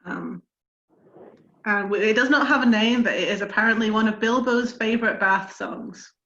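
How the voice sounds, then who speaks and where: A woman reading a song from a book aloud on a video call, gentle and slightly hesitant. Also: fairly high pitch, normal speed. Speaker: reader. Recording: dull, roomy video call audio.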